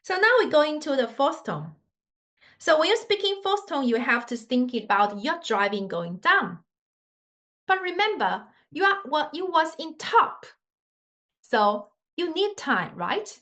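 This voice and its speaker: A woman's voice: high voice, very animated, fairly bright tone. A woman teaching Mandarin tones to learners, patient and demonstrative, with slightly English. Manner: slow, patient, demonstrative, non-native English grammar. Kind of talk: tone pronunciation lesson.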